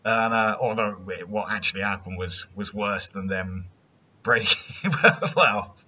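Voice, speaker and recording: A man's voice: a little slow, sharp tone. A man hosting a casual movie review chat, giggling and incredulous. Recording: dull lo-fi sound with faint rumble.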